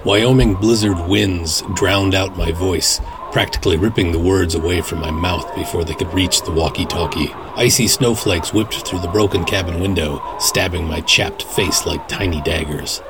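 A man's voice: sits low, normal speed, noisy background. A man narrating a suspenseful first-person radio drama in a dramatic, scripted way. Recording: narration over music. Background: music.

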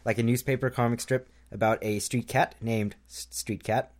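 A man's voice: medium pitch, fairly even intonation, moderate pace, a little mellow. A man on a podcast, co-host and comic artist, making dry self-deprecating jokes. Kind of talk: casual banter.

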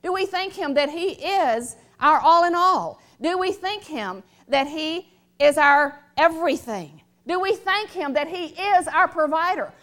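Middle-aged woman pastor, high pitched, emphatic sermon delivery with call-and-response. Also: animated, a little slow, fairly bright tone. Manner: emphatic, repetitive, calls for audience response. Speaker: preacher.

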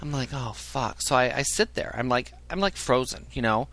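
A man telling a crude comic story in a casual, animated way, swearing freely and laughing at his own jokes. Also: medium pitch, moderate pace, a little hiss or hum. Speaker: podcast storyteller.

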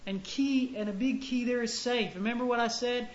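A man giving a sermon to a room of men, conversational and halting, with frequent restarts and punchy stresses. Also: very high-pitched, steady tone, a little hiss or hum. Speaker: preacher. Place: room with an audience. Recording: echoey, muffled room recording with faint ambience.

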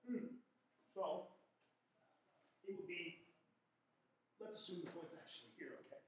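Guy teaching stats, kinda high voice, jokey and loose, lots of echo in the hall. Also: expressive, measured pace, a little hiss or hum. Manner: informal, joking, restarts and self-corrections. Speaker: statistics lecturer. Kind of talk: classroom lecture. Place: lecture hall. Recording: echoey lecture hall.

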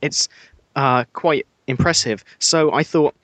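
A man's voice: mid-range voice, slow pace, fairly bright tone, dry recording. Midlands-accented man, dry podcast host. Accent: English Midlands. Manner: dry, self-mocking humor with many fillers. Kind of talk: casual podcast chat.

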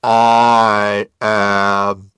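A man voicing a mighty, godlike voice from above that speaks in slow, commanding pronouncements. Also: lowish voice, little pitch movement, a bit bright, smooth, no echo.

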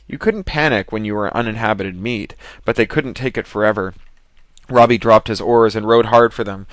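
A man narrating an audiobook story in a steady, measured way. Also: fairly low pitch, no echo.

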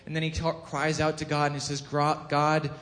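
A man giving a casual sermon, telling a scripture story with lively acted-out quotes and frequent self-corrections. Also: normal speed. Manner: animated storytelling, acts out quotes with rising pitch and volume; self-corrects, chuckles at own jokes. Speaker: preacher. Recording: long hall reverb.

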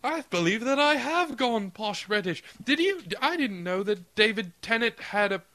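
A man's voice: sits high, big pitch swings, normal speed, bright, forceful tone. A man co-hosting a podcast in casual banter, playfully putting on a posh British accent. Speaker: podcast co-host.

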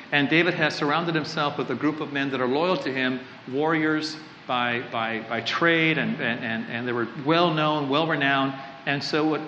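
Chatty preacher in an echoey hall. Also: male voice, on the high side, sharp tone, a little hiss or hum. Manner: conversational, rambling, self-interrupting. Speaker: pastor. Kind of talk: sermon with joking asides. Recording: echoey hall, slightly dull sound.

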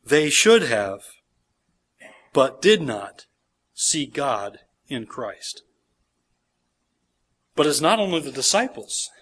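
A man's voice: mid-range voice, very animated, slow pace, long pauses, a bit bright, husky. A man, a pastor, preaching a sermon in church, reading scripture aloud with emphasis and explaining it verse by verse.

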